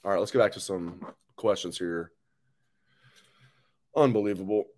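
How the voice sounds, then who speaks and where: A man's voice: sits low, normal speed, a little mellow. A man hosting a live sports talk stream, ranting angrily and bluntly, with swearing, as he reads viewer comments. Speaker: sports show host.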